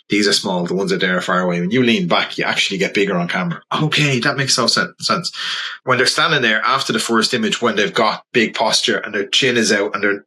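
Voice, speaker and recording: A man with a Dublin accent, a portrait photographer and podcast guest, telling animated stories in casual conversation. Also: lowish voice, breathy edge, poor audio. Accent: Dublin Irish. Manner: animated, anecdotal, slips into quoted voices.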